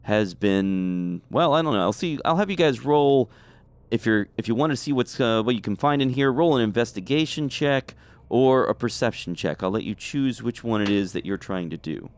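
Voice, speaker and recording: A man running a tabletop game as game master, narrating scenes and calling for rolls in an easygoing, relaxed way. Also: mid-range voice, normal speed, smooth, no echo.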